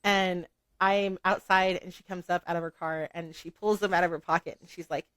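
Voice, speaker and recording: A woman's voice: fairly low pitch, fairly quick, no echo. A woman guest in a casual podcast interview, telling stories with frequent laughs and fillers. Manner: giggly, animated storytelling with many "like" fillers.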